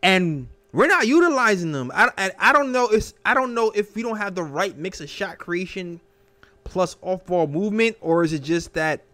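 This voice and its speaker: A man hosting a casual sports talk show, animated and emphatic, tossing out questions as he thinks aloud. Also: sits high, moderate pace. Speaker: host.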